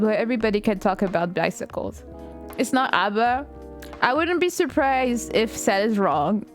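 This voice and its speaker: High-voiced excitable woman streamer. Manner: excitable, laughs often, shrieks at game moments. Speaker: live streamer. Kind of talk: casual chat while playing a game with viewers.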